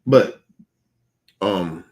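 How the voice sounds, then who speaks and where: Speaking in a deep voice and stretching out his words, an older podcast host wanders through a profane anecdote during casual talk. Quoting himself makes him noticeably more animated.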